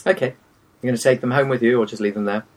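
A man's voice: medium pitch, steady tone, racing. A man in casual chat as a podcast co-host, mostly giving short replies and dry, teasing jokes.

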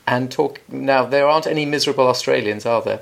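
A man's voice: medium pitch, fast, vocal fry. Man, slightly scratchy voice, mock-pompous, teasing, casual comic chat. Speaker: podcast co-host.

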